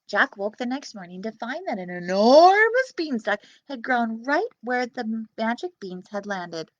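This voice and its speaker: A woman librarian reading a children's story aloud in a playful, expressive way. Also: a little high, measured pace, hardly any pauses, no echo, highs cut off.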